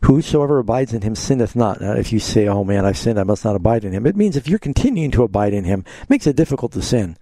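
Hosting a live call-in radio show, a man answers Bible questions and steers callers along with simple, leading questions in a pastoral manner. His voice is fairly low and dark, animated and fast, with hardly any pauses. The recording is dry.

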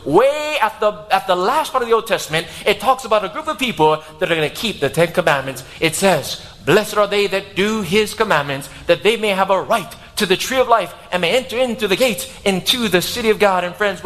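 High-voiced emphatic male preacher. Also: a bit bright. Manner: emphatic, swinging pitch and pace. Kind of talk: sermon. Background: music.

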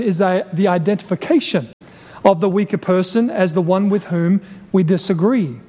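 A man preaching a sermon, deliberate and emphatic, repeating key phrases and asking rhetorical questions. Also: sits high, warm tone. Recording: long hall reverb.

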